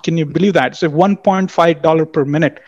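This man's voice is slightly high and darkish, with a steady tone and a brisk pace; the audio is dull with no room sound. He plays a startup executive in a casual business chat, loading his speech with fillers and tagging statements with "right?"

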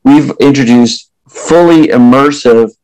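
Sex: man. Role: executive guest. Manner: thoughtful, halting. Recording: dry. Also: mid-range voice, a little mellow, no echo, rough recording. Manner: thoughtful, lots of fillers and restarts. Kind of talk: interview conversation.

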